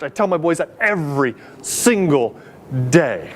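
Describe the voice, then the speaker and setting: A middle-aged man giving a keynote speech, telling stories in a lively way and acting out the voices of the people in them. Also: fairly high pitch, measured pace, background noise. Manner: animated, acts out quoted voices. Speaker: keynote speaker. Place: conference hall.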